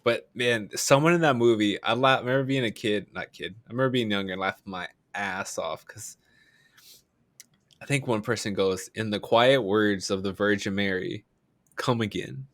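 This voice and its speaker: A man's voice: fairly low pitch, normal speed, a bit bright, no echo, clean studio sound. A young man co-hosting a podcast in casual, rambling, slangy chat, often breaking into laughter. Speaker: podcast co-host.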